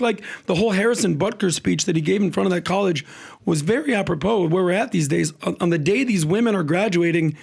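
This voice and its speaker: A man with a notably high voice makes his case on a casual panel discussion. He stacks points into quick lists and drops blunt, sarcastic asides along the way. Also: creaky.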